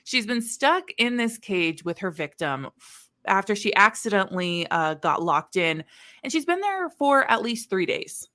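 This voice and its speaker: A woman co-host recaps a novel in a casual, joking style, stringing her thoughts together with quick asides. Her voice is bright and clear, sitting in an ordinary middle register. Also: mid-range voice. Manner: animated, laughing, quippy storytelling with many "like"s. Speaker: podcast co-host summarizing a book. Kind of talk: casual chat.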